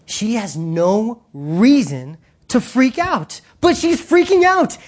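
A preacher delivering an animated sermon with emphatic, direct appeals to the congregation. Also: medium pitch, slow pace, hardly any pauses.

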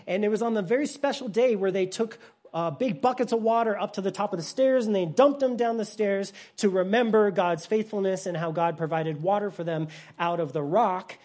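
This is a Bible teacher delivering a sermon at a mid-range pitch. The delivery rises to loud emphasis, then drops to near-hushed softness. Explanations are plain and simple, with frequent restarts.

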